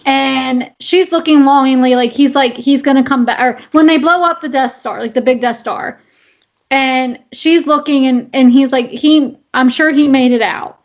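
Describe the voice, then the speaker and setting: A woman's voice: high voice, moderate pace. A woman co-hosting a podcast, chatting casually with many fillers and restarts. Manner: rambling, full of fillers and restarts. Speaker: podcast co-host. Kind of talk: casual chat.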